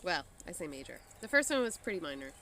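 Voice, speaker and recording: A woman's voice: lowish voice, sing-song, quick pace, fairly bright tone, a little hiss or hum. A woman chatting casually with her husband, laid-back, telling her own stories with dry remarks. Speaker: host, diamond painting vlogger. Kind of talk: casual chat, storytelling. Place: garden outdoors. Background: faint outdoor ambience.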